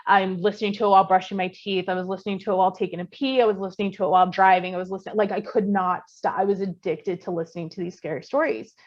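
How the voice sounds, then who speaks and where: Female podcast co-host, mid-pitched, animated casual storyteller, swears freely, slightly muffled lo-fi recording. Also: very fast, few pauses. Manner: animated, chatty, swears, lots of fillers.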